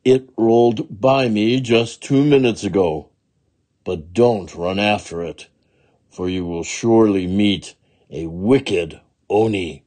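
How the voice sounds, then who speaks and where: A gentle, calm stone god from a storybook, as a man reads him. The voice is soft and husky, unhurried and mellow in tone. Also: on the low side. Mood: warning. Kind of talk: children's storybook reading.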